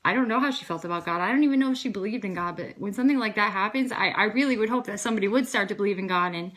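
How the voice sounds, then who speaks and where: Bright-voiced woman telling a faith story. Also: mid-range voice, very fast. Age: 30s. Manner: earnest, animated retelling with quoted dialogue and frequent fillers. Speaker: vlogger sharing a faith testimony. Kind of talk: casual storytelling.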